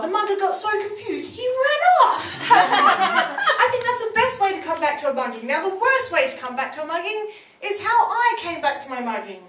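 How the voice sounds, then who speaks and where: Female stand-up comic, high voice, chatty and giggly, echoey theatre stage heard from a distance. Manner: chatty, giggles through her lines. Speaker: stand-up comedian. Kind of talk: stand-up comedy set. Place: theatre stage before a live audience. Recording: echoey, distant live recording with noise.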